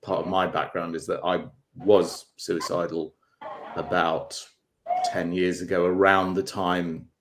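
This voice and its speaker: A man's voice: low-pitched, flat delivery, measured pace, noisy background. A man appearing as a guest on a talk show, speaking thoughtfully and candidly about personal experience.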